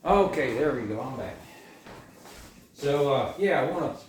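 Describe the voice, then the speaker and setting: A man's voice: medium pitch, expressive, unhurried. A man chatting in a folksy way as he walks through cooking a dish step by step in his kitchen. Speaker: home cook. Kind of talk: casual cooking demonstration. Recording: echoey room, mic far off, cooking noise.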